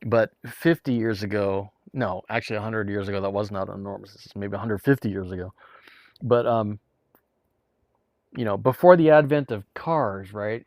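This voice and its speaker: A man's voice: lowish voice, darkish tone, no room sound. A man chatting casually to viewers on a live stream, rambling, with many restarts and repeated words. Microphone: streaming mic.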